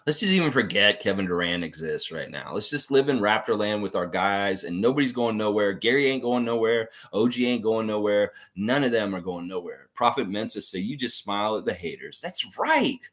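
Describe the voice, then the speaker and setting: A man with a lowish voice hosts a fan livestream. He reads viewer comments aloud and reacts to them in casual, chatty talk, with pitch that swings widely. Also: animated, a little fast, hardly any pauses, fairly bright tone.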